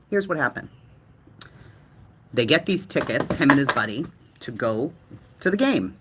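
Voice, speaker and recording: Animated true-crime host. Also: male voice, medium pitch, moderate pace, long pauses, very noisy. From Boston, USA. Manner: animated, profane, dramatic repetition.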